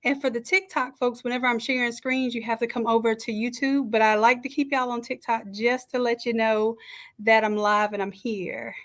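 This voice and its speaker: A woman hosting a live stream from a home setup, chatting and greeting each viewer warmly by name. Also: on the high side, fairly even intonation, normal speed. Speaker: livestream host and design coach. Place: home setup with makeshift camera stand. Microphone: camera on a stand.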